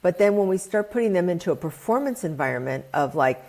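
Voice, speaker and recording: A woman being interviewed as an expert author, explaining her ideas in a quick, animated way. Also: fairly low pitch. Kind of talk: podcast interview.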